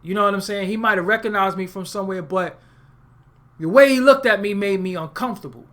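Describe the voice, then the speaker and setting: Profane Brooklyn man, high voice. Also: quick pace, a bit bright. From Brooklyn, New York. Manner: profane, streetwise, emphatic storytelling. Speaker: webcast host. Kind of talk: unscripted monologue to viewers.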